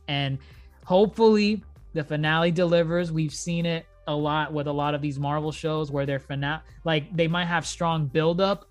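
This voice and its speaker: A man hosting a casual podcast, chatting loosely and laughing often as he wraps up the episode. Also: on the high side. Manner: laughing, loose and animated sign-off. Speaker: podcast host.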